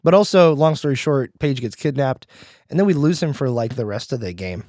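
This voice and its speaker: A man's voice: medium pitch, animated, a little fast, a little mellow, dry recording, clean studio sound. A young man co-hosting a podcast, chatting casually and joking in a teasing way. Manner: jokey, teasing, swoops into a mock-grand voice. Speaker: podcast co-host. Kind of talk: casual chat.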